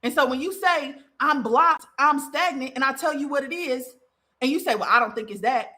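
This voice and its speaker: A sharp-toned voice that sits high, at normal speed, belongs to a young woman who hosts a talk show as a podcast host and spiritual advisor. She gives spiritual advice in a blunt, profane, heated, emphatic monologue, mocking those she quotes with mocking voices.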